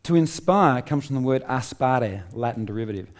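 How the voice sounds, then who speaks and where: On a stage before a live audience, a middle-aged Australian motivational speaker delivers an animated talk at a moderate pace in a medium-pitched voice. He hammers his points home with rhetorical questions and emphatic repetition.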